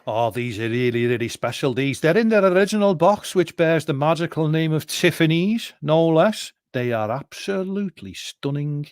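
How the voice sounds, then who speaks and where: A man doing a boastful stall holder in a comedy sketch, drawing out his sales patter as he shows off his goods. The voice sits a little high and the sound is dry. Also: lively intonation, moderate pace, hardly any pauses, no echo, natural voice. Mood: salesy.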